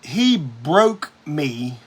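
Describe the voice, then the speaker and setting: A man's voice: fairly high pitch, sing-song, drawn-out words, slightly rough. A man hosting a live music show, telling a rambling, profane story in a casual monologue.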